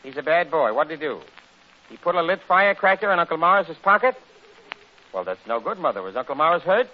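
A man's voice: a little high, fast. A man doing a rambling comic monologue and a one-sided phone call on the radio, joking his way from story to story. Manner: rambling, jokey storyteller with a lively, animated delivery. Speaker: radio comedian. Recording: dull lo-fi old radio recording with faint hiss.

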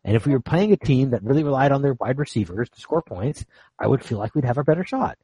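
A man's voice: medium pitch, animated, fast, mellow, breathy edge, dry recording, poor audio. A man hosting a casual sports podcast over a remote call. He talks loosely and jokes around. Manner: laughs often, loose and jokey. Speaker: podcast host.

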